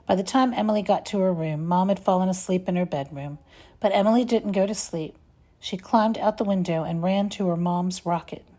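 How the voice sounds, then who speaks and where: A woman reading a children's story aloud, expressive and measured. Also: fairly low pitch. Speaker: reader.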